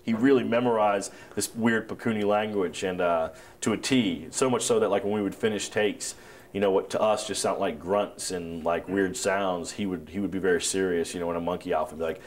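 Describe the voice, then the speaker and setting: Really deep-voiced guy chatting in an interview, relaxed and rambly, keeps restarting sentences. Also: a little fast, a little hiss or hum. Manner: laid-back, rambling with repeated restarts. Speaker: actor interviewed about his film. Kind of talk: casual interview chat.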